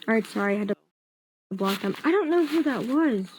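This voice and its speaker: A woman's voice: on the high side, lively intonation, fairly quick, noisy background. A woman on a home livestream, ranting angrily and swearing heavily, breaking off to reassure someone beside her. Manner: angry ranting with heavy swearing; reassuring asides to someone off-mic. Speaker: livestream host. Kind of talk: casual livestream chat.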